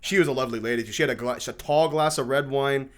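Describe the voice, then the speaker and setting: A man's voice: mid-range voice, fairly even intonation, fast. A man co-hosting a podcast in casual joking chat, swearing freely. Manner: joking, swears freely, mock mobster voices. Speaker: podcast co-host.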